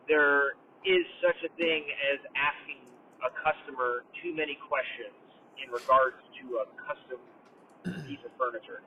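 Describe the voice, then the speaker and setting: A man calling in with a friendly voicemail, setting up his question with an explanation. The recording sounds dull and lo-fi, and faint vehicle noise hums underneath. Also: medium pitch. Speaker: caller leaving a voicemail. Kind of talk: voicemail message.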